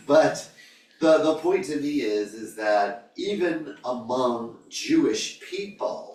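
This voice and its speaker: A man leading a Bible class discussion, animated and quizzing the group with questions. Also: mid-range voice, a little slow. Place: church classroom. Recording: echoey room, mic far off.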